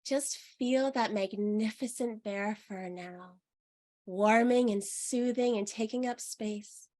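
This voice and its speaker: A young adult woman leading a guided meditation, speaking slowly and soothingly. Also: fairly high pitch. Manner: slow, soothing and soft-spoken. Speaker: meditation teacher.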